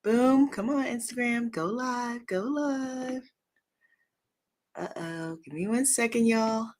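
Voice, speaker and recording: A woman's voice: on the high side, slow pace, a little mellow. A woman hosting a casual live-streamed spiritual talk, greeting viewers by name and exclaiming happily, recorded at home on a computer or phone mic. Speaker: host of a livestream spiritual talk. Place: at home in New York City.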